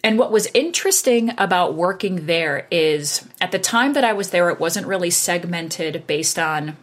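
A woman in tech sales telling an animated story in casual conversation and acting out the dialogue. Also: fairly low pitch, normal speed. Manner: animated, acts out quoted dialogue with laughs.

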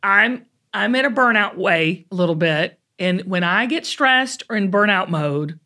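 A woman from the American South with a Southern accent, hosting a podcast in an animated, folksy, chatty way. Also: medium pitch, unhurried. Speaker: podcast host. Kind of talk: casual chat.

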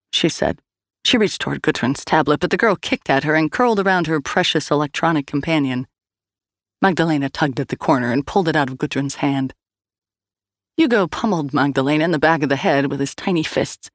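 A woman narrates a story with a wry, expressive delivery. Her pitch moves a lot across each sentence, and the recording is dry and close. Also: a little fast, no room sound. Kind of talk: scripted audio-drama narration.

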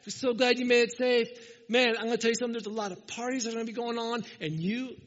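A man voicing an excited young male friend, loud and eager, in a dull recording with long hall reverb. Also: very high-pitched, fast talker, pitched above the performer's own voice.

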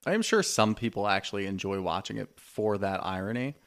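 A man co-hosting a podcast in casual chat, animated and swearing freely, often acting out what others said. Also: fairly low pitch, a little fast. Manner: animated, acts out quoted lines. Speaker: podcast co-host.

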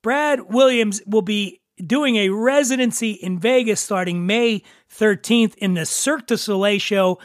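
A man's voice: sits high, unhurried, few pauses, no echo, clean studio sound. A man hosting a podcast, teasing and joking with his guest. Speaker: podcast host. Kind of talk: casual chat.

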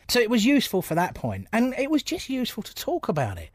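A man's voice: very high voice, wildly swooping pitch, fast talker, hardly any pauses, no echo, clean studio sound. A man, a stand-up comedian, telling stories in an interview in a blunt, jokey way and acting out other people's lines. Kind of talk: casual interview storytelling.

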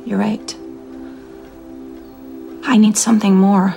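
A woman's voice: medium pitch, little pitch movement, takes it slowly, vocal fry, warm tone, soft background music. An actress playing a worried woman looking into her sister's guilt in a film drama.

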